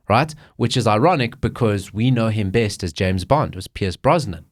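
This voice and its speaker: A man co-hosting a casual podcast, retelling movie plots in an animated way and swearing freely. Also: on the low side, moderate pace, few pauses. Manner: animated storytelling, swears, acts out quotes. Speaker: podcast co-host. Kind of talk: casual chat.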